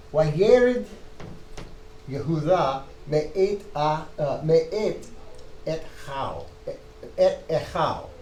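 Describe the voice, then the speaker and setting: A man with a somewhat high voice lectures a Hebrew reading class, stopping to restart his sentences as he works through the text. The room is echoey. A faint hum of ambience sits underneath. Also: darkish tone. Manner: thinking aloud, halting restarts, parsing text on a board.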